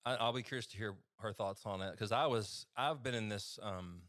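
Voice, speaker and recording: A man's voice: fairly low pitch, normal speed, a bit bright, dry recording. A man with an East Texas accent, a physician guest telling a story in a rambling, chatty way with easy laughter. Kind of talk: casual storytelling testimony.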